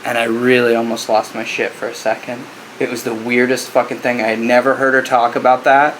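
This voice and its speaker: A man's voice: medium pitch, level tone, brisk, a bit bright, a little hiss or hum, rough recording. A man co-hosting a podcast in casual chat, telling stories loosely with profanity and laughter. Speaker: podcast co-host.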